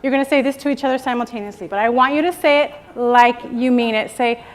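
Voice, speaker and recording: Middle-aged lady giving a pumped-up empowerment speech on stage, kinda high voice, keeps getting the crowd to answer back. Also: steady tone, fast talker. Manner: rousing, call-and-response with the audience. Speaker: keynote speaker. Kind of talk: motivational speech. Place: event stage before a live audience.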